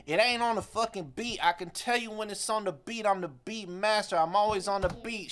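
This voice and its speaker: A man's voice: high-pitched, a little fast, hardly any pauses, a bit bright. A young man streaming a rhythm game, frustrated and trash-talking with lots of swearing. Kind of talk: live gameplay commentary.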